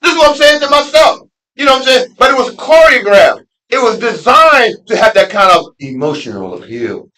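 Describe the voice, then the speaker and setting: New imam preaching casual, bright voice, goes way up and down, slangy. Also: male voice, very animated, brisk, rough recording. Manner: conversational preaching, swings from low asides to loud emphatic peaks; street slang and laughter mixed into preaching. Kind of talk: Friday sermon. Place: mosque.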